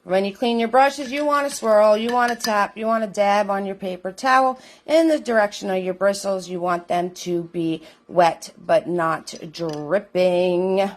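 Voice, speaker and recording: A middle-aged woman hosting a live online painting class, bubbly and chatty, calling her viewers doll and sweetheart. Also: on the high side.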